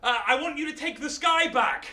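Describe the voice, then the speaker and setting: Brash young hero, storyteller puts him on; high, lively, heard from a distance in a roomy hall. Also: male voice, normal speed, full character voice. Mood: pleading. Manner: shouting, exasperated pleading. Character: brash hero Hercules, young man, impatient. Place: arts centre stage, live show. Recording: roomy hall, mic from afar.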